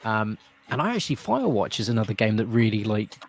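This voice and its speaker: A man's voice: lowish voice, very animated, fast. A man hosting a live stream, rambling and laughing in casual chat. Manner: friendly, rambling, laughs often. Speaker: host. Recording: faint noise.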